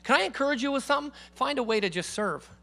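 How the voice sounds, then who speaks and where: An older man preaching in a high, bright voice. He talks casually and emphatically, shifting between booming declarations and hushed asides, and keeps asking the congregation for an amen. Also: lively intonation, fast talker, gravelly. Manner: conversational and emphatic, swinging between loud declarations and quiet asides; calls for congregation responses. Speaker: guest preacher. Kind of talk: sermon. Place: church.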